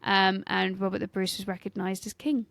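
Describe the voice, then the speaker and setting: A woman's voice: mid-range voice, flat delivery, moderate pace, vocal fry, fairly bright tone, no echo. A young Englishwoman, co-hosting a casual history podcast and narrating facts with jokes. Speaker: podcast co-host.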